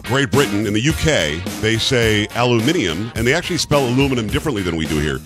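A man's voice: fairly low pitch, sing-song, fast, music in the background. A man hosting a talk radio show, speaking bluntly and emphatically with a joking edge, in a radio studio.

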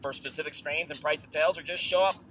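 A man reading an advertisement from inside a car, brisk and upbeat with brief stumbles. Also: on the high side, steady tone, a bit bright. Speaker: podcast co-host reading an ad. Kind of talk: read advertisement. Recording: faint street and car noise.

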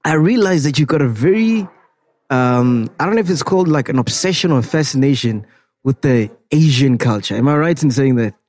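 A man hosting a podcast interview, chatty and quick to laugh. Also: medium pitch, animated, a little mellow. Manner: chatty, laughs easily, loose phrasing. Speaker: podcast host. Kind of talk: casual interview chat.

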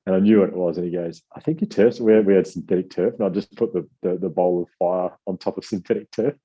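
A man telling a rambling, self-deprecating story as an author guest, quoting people in lively voices. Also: deep voice, fast, slightly rough, dull audio. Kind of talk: casual storytelling.

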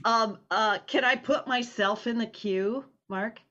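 A woman's voice: a little high, a little slow, sharp tone, dull audio. A woman hosting a talk show, answering in short replies and laughing easily during a reading. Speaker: show host. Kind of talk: casual chat.

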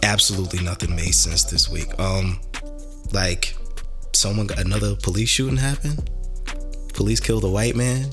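Lowish-voiced male co-host, animated and profane, casual talk over faint music. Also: normal speed. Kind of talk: casual chat.

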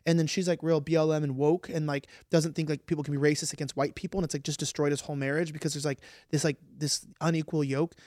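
Guy cohosting a podcast, talks super fast, kinda high voice, rambly, dry sound. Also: no echo. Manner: rambling, animated, many fillers. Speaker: podcast co-host. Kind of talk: casual live-stream chat.

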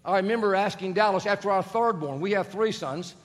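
A man's voice: high voice, brisk. A middle-aged man preaching a sermon, telling family stories with humor and acting out the voices of others. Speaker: pastor. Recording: long reverb of a large hall.

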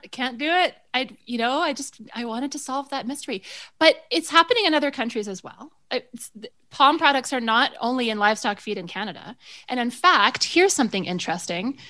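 A woman's voice: a little high, animated, brisk, fairly bright tone. A woman, a chef on a talk show, chatting casually and animatedly, laughing often. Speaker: guest chef. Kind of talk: casual radio chat.

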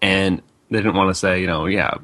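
A man's voice: low voice, fairly even intonation, normal speed, fairly bright tone. A man speaking as a guest on a tech talk radio show, explaining in a loose, rambling way with restarts and fillers. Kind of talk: casual radio interview talk.

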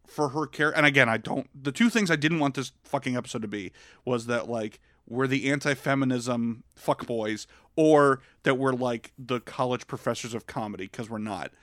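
Animated rambling man, dry close sound. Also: mid-range voice, normal speed, no room sound. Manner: animated, rambling, lots of fillers. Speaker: podcast co-host. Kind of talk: casual film review chat.

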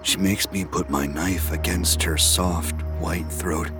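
An actor playing a delusional young male killer, narrating his hushed, obsessive inner monologue in an audio drama. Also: sits low, steady tone, takes it slowly, music in the background. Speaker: first-person narrator.

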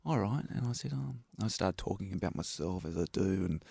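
A man's voice: deep voice, expressive, fairly quick, gravelly, mellow, husky, no echo. A man with an Australian accent, a stuntman guest telling rambling anecdotes in a casual interview. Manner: laid-back, rambling anecdotes with many fillers.

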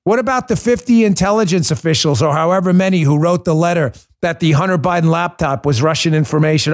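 Talking fast with few pauses, a man with a voice on the high side hosts a political talk show as a podcast host. He's impassioned and emphatic, repeating words to drive his points home.

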